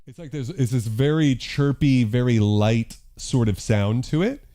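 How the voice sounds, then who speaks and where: A man's voice: medium pitch, measured pace, over loud music. A man hosting a live stream, talking loosely through a synthesizer demo, thinking aloud, swearing and joking at his own expense. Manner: loose, profane, self-deprecating, thinking aloud with fillers. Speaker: host demonstrating synthesizers.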